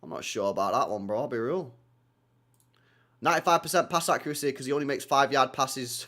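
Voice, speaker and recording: A young man hosting a live football watchalong, reading chat and reacting in an animated, teasing way. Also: mid-range voice, fairly quick.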